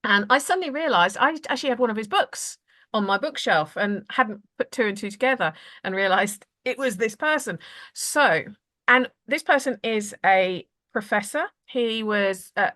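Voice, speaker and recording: A woman's voice: on the high side, a bit bright. A woman with an Essex accent hosting a podcast interview, chatty and rambling with frequent laughs. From Essex, England. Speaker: podcast host.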